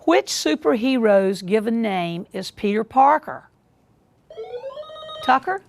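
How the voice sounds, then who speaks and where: Gravelly-voiced woman hosting a quiz. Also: on the high side, animated. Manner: measured, repeats questions deliberately. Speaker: quiz show host. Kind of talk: reading quiz questions.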